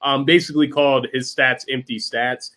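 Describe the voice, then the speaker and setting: A man co-hosting a casual sports podcast, relaxed, with lots of fillers and restarts. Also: medium pitch, moderate pace. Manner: relaxed, many fillers and restarts, laughs often. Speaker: podcast co-host.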